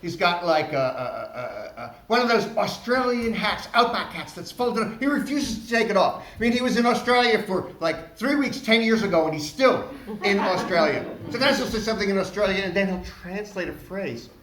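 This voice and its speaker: A man performing a comic storytelling monologue on a small theater stage, with animated, self-mocking delivery. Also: high voice, a little fast, a little hiss or hum. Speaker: solo performer. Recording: echoey room.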